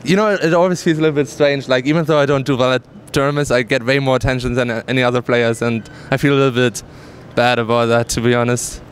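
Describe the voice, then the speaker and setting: A man's voice: mid-range voice, steady tone, fast talker, few pauses, slight background noise. A young man with a German accent, a pro gamer answering interview questions casually with many fillers and easy laughter at an event. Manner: candid, laughs easily, hesitant fillers. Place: busy gaming event venue.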